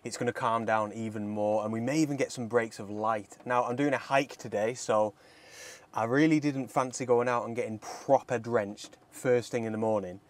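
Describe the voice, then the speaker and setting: A man's voice: medium pitch, fairly even intonation, normal speed. A young man, vlogging casually and enthusiastically outdoors by a lake, laughing often. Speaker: landscape photography vlogger. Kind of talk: casual vlog to camera.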